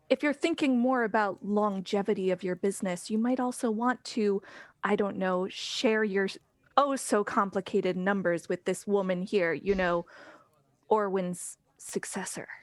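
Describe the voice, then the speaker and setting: A woman's voice: medium pitch, measured pace, no echo, lightly acted. A woman voicing a blunt, dryly sarcastic woman adventurer. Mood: wary. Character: sharp-tongued woman adventurer.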